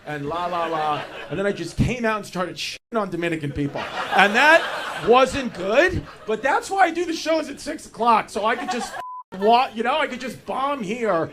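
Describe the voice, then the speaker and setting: A man's voice: high voice, animated, moderate pace. A male stand-up comedian doing loose, rambling crowd work in a comedy club, saying "dude" a lot. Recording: noisy live club recording.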